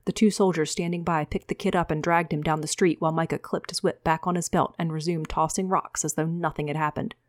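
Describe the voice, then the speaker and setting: Woman reading her novel, low-pitched. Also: steady tone, fairly quick, few pauses, no room sound, studio quality.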